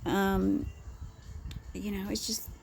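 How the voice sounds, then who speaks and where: A woman talking straight to camera in a blunt personal rant, swearing freely, stopping to restart her sentences and laughing quietly now and then. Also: medium pitch, flat delivery, slow pace, gravelly, slight background noise. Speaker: vlogger.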